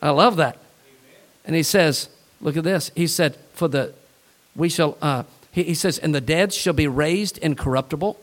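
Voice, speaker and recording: A man preaching a sermon as pastor, animated, mixing scripture reading with jokes and acted-out voices. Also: fairly high pitch.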